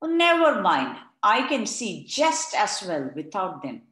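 A woman voicing a calm male schoolteacher who answers in a casual, unruffled way. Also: mid-range voice, a little slow. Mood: calm unbothered. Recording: roomy echo.

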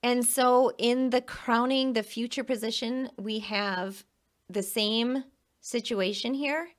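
A woman's voice: a little high, fairly even intonation, takes it slowly. Emphatic woman giving a tarot reading. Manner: emphatic, repeats phrases, frequent "okay?". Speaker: tarot reader. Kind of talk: casual tarot reading monologue.

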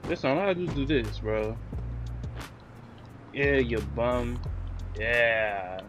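A man giving excitable, trash-talking commentary while playing a wrestling video game, yelling at his opponents. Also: medium pitch, takes it slowly, soft background music. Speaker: gaming YouTuber. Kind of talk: let's-play commentary.

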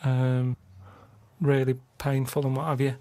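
A man's voice: medium pitch, flat delivery, measured pace, warm tone, slight background noise. A man on a comedy podcast, complaining in a plain, matter-of-fact way. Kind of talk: casual podcast chat.

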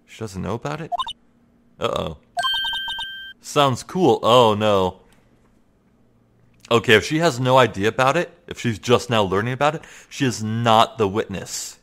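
A man's voice: on the low side, lively intonation, a little slow, pauses often, a bit bright. A man commentating a game playthrough with jokey, chatty asides. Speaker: let's play commentator. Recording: game music behind.

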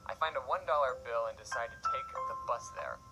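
A man's voice: medium pitch, fairly quick, rough recording. A man reading aloud a story he wrote as a child and joking about it between lines, with a wry, mock-dramatic reading of the quotes. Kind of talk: comedic reading with commentary. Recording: loud background music. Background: loud music.

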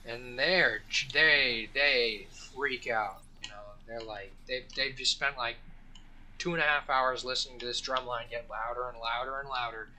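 Casual male let's play host, rambling jokester, sharp bright voice. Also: medium pitch, fairly even intonation, normal speed, a little hiss or hum. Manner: rambling, joking storyteller with fillers and restarts. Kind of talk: casual gameplay commentary.

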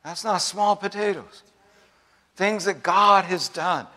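A man's voice: sits high, slow, bright, forceful tone, big-room sound. A middle-aged man preaching a sermon, using repetition, humorous asides and rising fervor. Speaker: pastor. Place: large church sanctuary.

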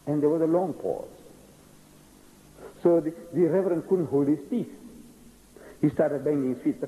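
Male religious lecturer, dark warm tone, lively delivery, echoey hall recording. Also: fairly high pitch, brisk. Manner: animated storyteller, acts out dialogue. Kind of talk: public lecture with storytelling.

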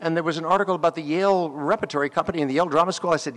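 A man, an actor, giving a graduation speech and telling animated stories straight to the graduates at the ceremony. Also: fairly high pitch, very fast. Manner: animated storytelling, addressing graduates directly. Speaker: commencement speaker. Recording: long hall reverb.

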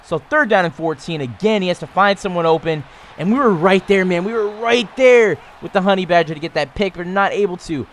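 A man in his twenties casually commentating on his own football video game, getting louder and higher on big plays. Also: a little fast, slight background noise. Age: 20s. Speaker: gaming YouTuber.

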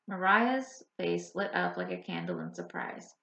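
A woman narrating an audiobook chapter in a measured storytelling manner. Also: lowish voice, wildly swooping pitch, gravelly, fairly bright tone. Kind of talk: scripted narration. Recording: roomy, slightly dull audiobook recording.

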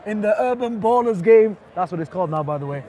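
An energetic man hosting street interviews after a match, slangy and teasing. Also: high voice, fast talker, slight background noise. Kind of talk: vox pop interviewing and banter. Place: outdoors near a stadium.

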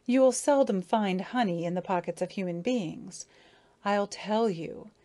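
A woman voicing a grieving, self-important female dragonfly who tells her tale slowly, mournfully and dramatically. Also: medium pitch, dark tone, natural voice. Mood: grave dramatic. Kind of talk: audiobook character reading.

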